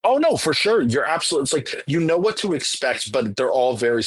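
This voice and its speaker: A man's voice: medium pitch, sing-song, fast, breathy edge, dry recording. A man co-hosting a podcast, giving enthusiastic, emphatic opinions about films in casual chat. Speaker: podcast co-host. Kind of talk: casual film discussion.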